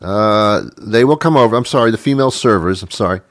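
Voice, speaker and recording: A man's voice: fairly low pitch, fairly quick, no echo, clean studio sound. A middle-aged man hosting a radio show, delivering a rambling, wry comedic monologue with many restarts. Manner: rambling, self-interrupting, wry.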